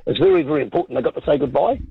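A man's voice: a little high, expressive, rapid-fire, vocal fry, husky, dry recording. A man calling a talkback radio show by phone, rambling and repeating his words. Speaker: caller. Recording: dull lo-fi phone line.

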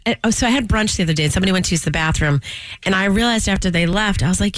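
A middle-aged woman co-hosting a morning radio show, telling stories in a chatty, animated way with many restarts. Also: medium pitch, very fast, dry recording. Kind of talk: casual chat.

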